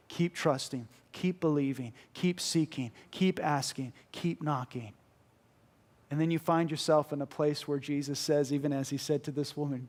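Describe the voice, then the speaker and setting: A man preaching a sermon in an earnest, emphatic way, repeating key phrases for weight. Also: fairly high pitch.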